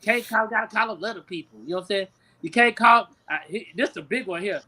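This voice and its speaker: A male comedian co-hosting a podcast, talking with preachy, drawn-out emphasis and plenty of swearing. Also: sits high, sharp tone. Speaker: comedian co-host. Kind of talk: casual chat.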